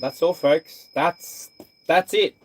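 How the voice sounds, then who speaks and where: A man giving a casual tarot reading, animated and repetitive, now and then singing or whooping. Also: on the high side, takes it slowly, a little hiss or hum. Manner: animated, repeats phrases, breaks into scat singing and whoops. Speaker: tarot reader.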